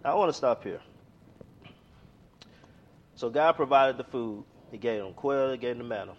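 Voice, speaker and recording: A man's voice: medium pitch, lively intonation, moderate pace. Man preaching, conversational storytelling, reads scripture aloud, slightly muffled lo-fi sound. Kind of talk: sermon.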